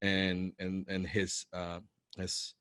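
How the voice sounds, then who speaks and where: A man in animated storytelling talk, excitable, who often repeats words and swears for emphasis. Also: low-pitched, slow, clean tone, no echo, clean studio sound. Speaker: business coach telling a personal story.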